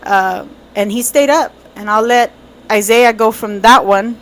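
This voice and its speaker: A woman's voice: fairly high pitch, a little slow, low-quality recording. A middle-aged woman co-hosting a family podcast, recalling past events in a plain, reflective, casual way. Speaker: podcast co-host, mother. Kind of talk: casual storytelling chat.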